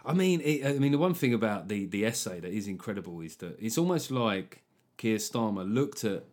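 A man's voice: on the low side, moderate pace. Sarcastic man ranting solo. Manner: sarcastic, swearing, animated impressions. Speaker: podcast host. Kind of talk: solo comedic political rant.

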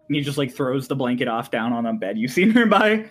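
A man's voice: mid-range voice, very animated, brisk, faint music behind. A man narrating as game master for a tabletop game, rambling and laughing often.

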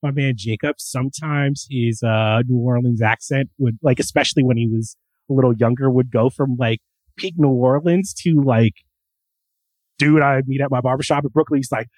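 A man co-hosting a casual pop-culture chat, excitable and acting out quotes with the odd swear word. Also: medium pitch, normal speed, no room sound, rough recording. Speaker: podcast co-host.

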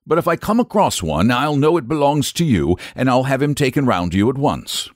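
A man's voice: mid-range voice, very animated, a little fast, no room sound, studio quality, pitched above the performer's own voice, lightly acted. A man voicing a kindly, cheerful circus man in a storybook reading, speaking in a genial, hospitable way.

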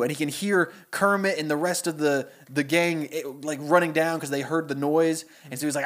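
Podcast co-host pitch: young man, higher voice, animated storyteller. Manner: animated storytelling, quick voice switches. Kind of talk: casual chat, pitching a story.

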